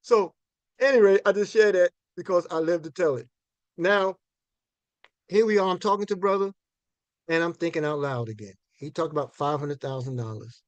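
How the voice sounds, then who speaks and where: A man's voice: on the high side, moderate pace, dry recording, muffled recording. A man in his sixties giving a finance talk to an audience as a folksy, conversational storyteller who often repeats and restarts his words. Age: 60s.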